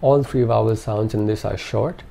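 A language teacher narrates a scripted lesson, carefully enunciating each syllable and repeating words for practice. His lowish voice is warm and steady, with some vocal fry, at a normal speed.

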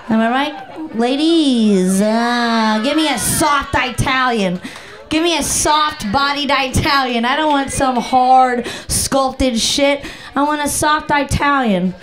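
Brash high-voiced woman doing stand-up. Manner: brash, silly, crude, riffs off the crowd with squeals and sound effects. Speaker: stand-up comedian. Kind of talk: improvised stand-up. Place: comedy club stage.

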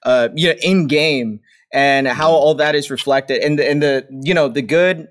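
A man's voice: on the high side, normal speed. Laughing, rambling man streamer. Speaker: streamer host. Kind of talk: casual group chat.

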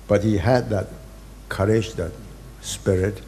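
A man, giving a public speech in deliberate, halting phrases and hitting key words hard. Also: low voice, warm tone. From Singapore. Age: 80s. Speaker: invited speaker.

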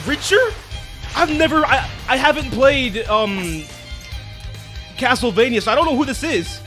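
A man hosting a reaction video, excitedly calling out what he sees and shouting in disbelief. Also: very high-pitched, measured pace. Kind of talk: excited live reaction commentary. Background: trailer music playing.

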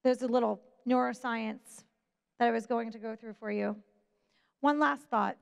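A woman giving a motivational talk to an audience, emphatic and deliberate, with pauses for weight. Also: a little high, steady tone, vocal fry, clear, resonant tone. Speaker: motivational speaker. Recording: long reverb of a large hall.

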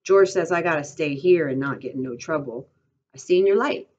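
Woman reading as a simple-minded gentle giant of a farmhand, meek and pleading, raised voice, lo-fi sound. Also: fairly high pitch, moderate pace, lightly acted. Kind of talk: novel read aloud.

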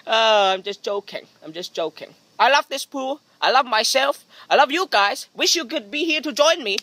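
High, bright-voiced sarcastic male vlogger. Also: moderate pace, no room sound. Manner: sarcastic, deadpan jokey self-mockery. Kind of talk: comedic rambling vlog monologue. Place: outdoors beside a private pool. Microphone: phone front camera.

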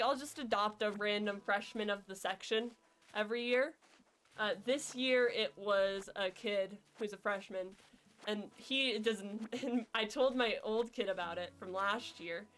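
While playing a video game on stream, a woman keeps up loose, jokey, rambling gameplay chat with her audience. The tone of her mid-range voice is fairly bright.

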